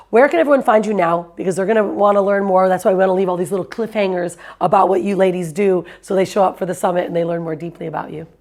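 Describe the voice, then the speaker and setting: A woman's voice: lowish voice, darkish tone. A woman hosting an online summit, introducing guests with effusive enthusiasm over a video call. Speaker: show host.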